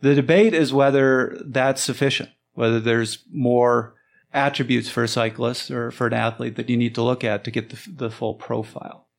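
Gravelly-voiced man, halting explanation. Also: mid-range voice, fairly even intonation. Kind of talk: conversational explanation.

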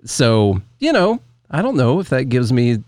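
A relaxed man trading jokes on a podcast, with an easygoing, conversational delivery. His voice sits at an average pitch and is recorded dry and close on a studio mic, with no room sound. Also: a little slow, no echo. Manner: joking, laid-back banter. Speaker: podcast co-host. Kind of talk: casual chat.

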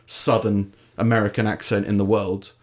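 A man's voice: on the low side, flat delivery, normal speed. An English man co-hosting a podcast in casual chat, sardonic and rambling, often trailing off into mumbles. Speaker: podcast co-host.

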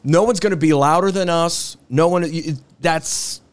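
A man hosting a casual podcast, excitable and quick to jump in, swearing freely. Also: on the high side, clear, resonant tone. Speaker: podcast host. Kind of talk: casual chat.

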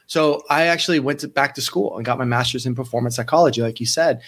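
A sports psychology coach in his thirties tells stories during a casual interview, acting out the voices of people he quotes. He's animated and often restarts his sentences, speaking quickly in a mid-range voice with hardly any pauses.

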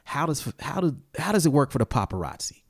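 A fairly high-pitched, gravelly man talks a little fast as he hosts a casual ranting chat, spinning animated, profane stories with sudden heated outbursts. The sound is studio quality with no room sound.

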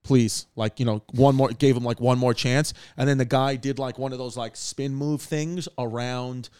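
A man's voice: mid-range voice, fairly even intonation, normal speed, a little mellow, clean tone, dry recording, clean studio sound. A man, telling a rambling story in casual chat and using lots of fillers and swearing. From Queens, New York. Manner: rambling, with many fillers and profanity.

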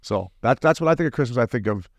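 A man in his forties, a former hockey player co-hosting a podcast, telling stories in a lively, casual way and acting out quotes. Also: medium pitch, no room sound, clean studio sound. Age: 40s. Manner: fast, animated storyteller who acts out quotes. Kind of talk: casual storytelling chat.

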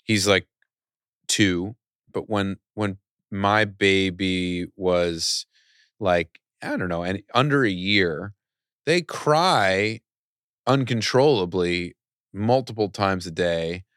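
A man's voice: sits low, slow, a bit bright, no room sound, clean studio sound. A middle-aged man chatting as a podcast guest, rambling with many restarts and fillers. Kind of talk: casual podcast conversation.

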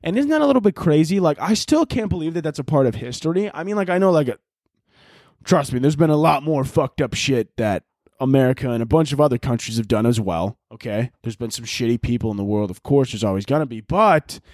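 A man hosting his own podcast in a rambling, profane comedic monologue that breaks into loud yelled bits. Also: medium pitch, animated, brisk, no echo, studio quality. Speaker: podcast host.

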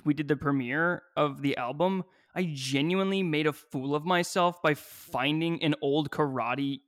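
Male podcast guest, a touch high in pitch, rambling and animated, casual chat. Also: normal speed.

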